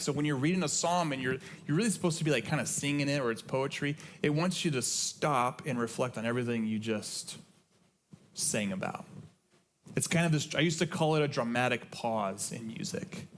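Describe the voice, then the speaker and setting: A man's voice: mid-range voice, slight background noise. A middle-aged man, a pastor, preaching a sermon in an earnest, conversational way and repeating key phrases for emphasis. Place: church sanctuary.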